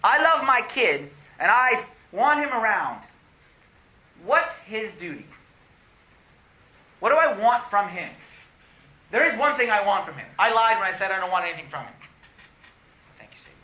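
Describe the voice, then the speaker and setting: A young man preaching a sermon in an animated way, laughing often and rising to excited highs. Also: normal speed, long pauses.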